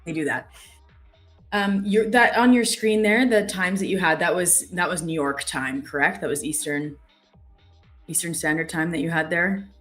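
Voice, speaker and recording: A woman's voice: fairly low pitch, normal speed, fairly bright tone, faint music behind. A young Canadian woman hosting a live trading stream in casual chat, reading viewer comments aloud. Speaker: trading show host.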